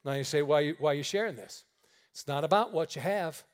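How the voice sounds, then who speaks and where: A high-voiced male preacher tells his stories from the pulpit. He acts out every exchange, shifting his voice for each person in the tale. The sermon is delivered for a radio broadcast. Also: fairly quick. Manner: animated storyteller acting out dialogue. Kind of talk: sermon storytelling.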